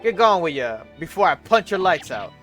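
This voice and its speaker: A man voicing a gruff, hostile male prison governor with a put-on rural lilt, reading the lines stiffly and stumbling over them. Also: fairly high pitch, expressive, normal speed, sharp tone, soft background music, voice pushed up.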